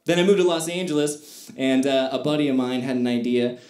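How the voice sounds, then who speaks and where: A man's voice: medium pitch, brisk, darkish tone, reverberant. A man doing stand-up comedy on stage, telling stories in a loose, conversational way. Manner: conversational storytelling with fillers and asides.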